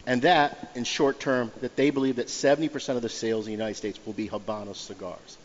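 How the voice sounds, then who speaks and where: Animated storytelling man, echoey and dull. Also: medium pitch, quick pace. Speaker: guest storyteller. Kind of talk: casual podcast chat. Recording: dull sound in a reverberant room.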